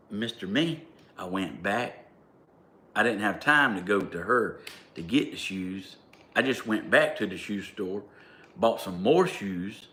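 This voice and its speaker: A man's voice: fairly low pitch, pushed and bright. A man with a Southern American accent telling a story in a rambling, casual way, leaning on "like" and breaking into emphatic bursts. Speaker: vlogger. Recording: roomy echo, faint ambience.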